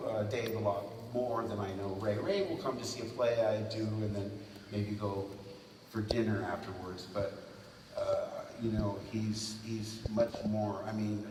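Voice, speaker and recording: A man's voice: on the low side, noisy background. A man in his sixties telling stories as a guest at a fan convention panel. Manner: animated, breaks into quick character voices. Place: large convention hall. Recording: roomy hall from a distance.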